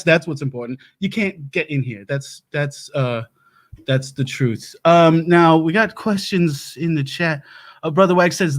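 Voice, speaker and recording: Brief: man playing a quirky underground-dwelling apocalypse-tips host, highish voice, swings all over in pitch, rambling delivery. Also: natural voice. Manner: rambling, slipping into sudden mock antagonism. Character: eccentric male doomsday prep lecturer living underground. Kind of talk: improvised comedy talk show.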